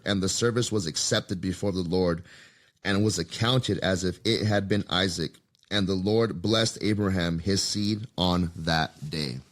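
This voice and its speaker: A man hosting a podcast, reading scripture aloud and stopping to think aloud about it in a loose, conversational way. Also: deep voice. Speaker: podcast host.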